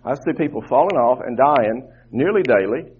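A man's voice: mid-range voice, animated, moderate pace, slightly rough. A man preaching a sermon to his congregation as their pastor, fervent and repeating words as he builds his points. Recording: tinny phone-like line, muffled.

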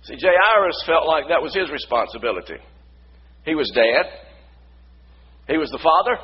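High-voiced preaching man, dull recording. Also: lively intonation, normal speed, husky. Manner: impassioned preaching, building to shouts. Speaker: pastor. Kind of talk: sermon.

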